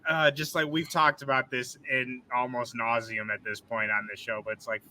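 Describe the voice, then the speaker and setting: A man's voice: medium pitch, little pitch movement, normal speed, pushed and bright, a little hiss or hum, poor audio. A man hosting a casual podcast chat, rambling and frank, filling his talk with "like" and swearing freely. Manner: rambling, heavy use of "like", frank and profane. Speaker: podcast host.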